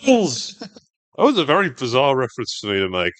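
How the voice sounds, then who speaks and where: A man's voice: medium pitch, huge pitch swings, normal speed, a bit bright, dry recording. A man co-hosting a podcast, recapping a TV episode in casual chat and acting out quotes in silly voices.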